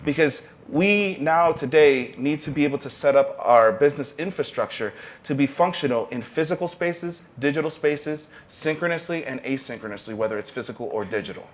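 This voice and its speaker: A man's voice: fairly high pitch, fairly quick, few pauses. A man speaking on a panel as a university professor of arts entrepreneurship, earnest and motivational, with brief restarts. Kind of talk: panel discussion talk.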